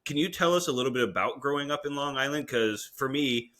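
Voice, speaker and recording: A man's voice: mid-range voice, fast talker, fairly bright tone. A man hosting a podcast in casual chat, laid-back, swearing and laughing easily. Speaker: podcast host.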